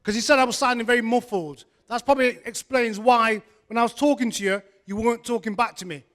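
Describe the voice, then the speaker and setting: A man with a high voice hosts a live evening event in a venue. He talks into a handheld microphone with self-mocking, teasing stage banter. His jokes run between comic asides and chat with the crowd. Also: fast, a bit bright. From England. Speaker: event host. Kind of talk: joking stage banter with the audience.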